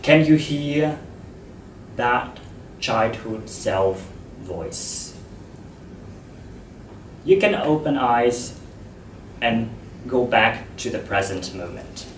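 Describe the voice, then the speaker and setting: A man giving a public talk to an audience about voice, speaking in a slow, measured, expressive way. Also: medium pitch, a little hiss or hum. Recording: echoey hall, distant mic.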